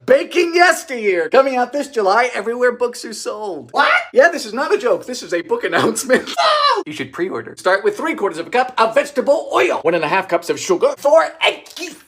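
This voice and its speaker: A young man from Bermuda, with a Bermudian accent, narrating a comedic baking video in a theatrical, campy way, switching between sudden high squeals and deadpan asides.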